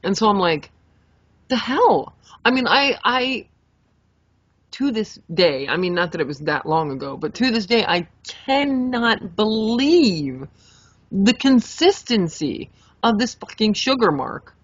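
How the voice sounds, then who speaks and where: A young adult woman co-hosting a podcast, telling a story in a lively, animated way, swearing freely and acting out her own reactions. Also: mid-range voice, unhurried, dry recording. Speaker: podcast co-host. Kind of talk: casual storytelling chat. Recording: dull lo-fi podcast mic.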